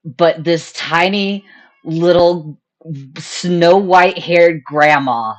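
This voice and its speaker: A young woman hosting a charity stream, telling a story in casual chat, animated and laughing often as she acts out her own thoughts. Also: lowish voice, extremely slow.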